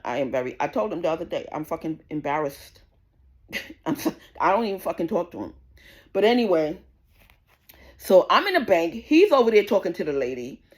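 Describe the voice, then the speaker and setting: A woman, ranting indignantly to camera, swearing often and repeating herself as she tells the story. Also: on the low side. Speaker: vlogger. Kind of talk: casual rant to camera.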